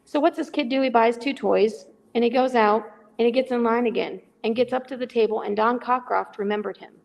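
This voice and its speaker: A middle-aged woman with a rough, gravelly voice pitched a little high tells a story as a guest on a remote call. She is animated and acts out every line of dialogue herself. Her voice carries a long, echoing reverb. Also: a little fast. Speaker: guest, charity volunteer. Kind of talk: casual storytelling on a call-in podcast.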